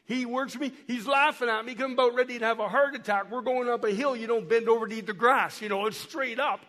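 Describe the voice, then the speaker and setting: A man who works as a missionary, telling stories to a congregation in a folksy way while showing photos, hoarse and coughing from a cold. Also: very high-pitched, quick pace, sharp tone, in a large hall. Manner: folksy, repeats and restarts words, speaks directly to the congregation. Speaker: missionary guest speaker. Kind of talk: storytelling talk to a church while showing photos. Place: church hall.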